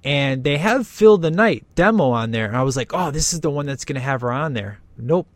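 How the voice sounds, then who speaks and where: A man's voice: mid-range voice, expressive, brisk, dry recording. A man giving casual, jokey, enthusiastic commentary while watching a movie.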